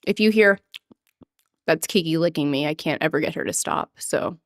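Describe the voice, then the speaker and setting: A woman's voice: moderate pace, no room sound, studio quality. Giggly chatty woman streamer. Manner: giggly, chatty, often mimics a quote in a high voice. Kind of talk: casual livestream chat. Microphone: desk microphone.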